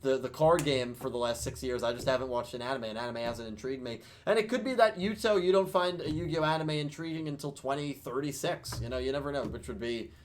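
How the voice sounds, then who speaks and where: A man's voice: mid-range voice, fast, few pauses. A man hosting a casual podcast chat, talking in a loose, rambling way with frequent restarts. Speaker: podcast host.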